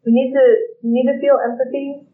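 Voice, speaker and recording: Halting, reflective lecturer, pauses a lot; tinny phone-quality recording in an echoey room. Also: high-pitched, flat delivery. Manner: thoughtful, halting, many pauses and fillers. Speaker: teacher. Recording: echoey, phone-like lo-fi with faint noise.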